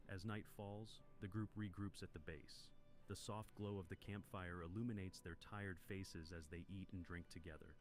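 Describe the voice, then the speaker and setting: A man narrating a story in a steady, dramatic scripted way. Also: low-pitched.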